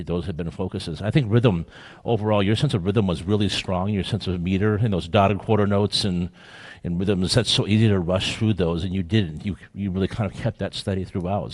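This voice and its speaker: A man's voice: low voice, a little mellow. A man working as a guest clinician, giving live feedback to a student orchestra in an encouraging, playfully teasing way.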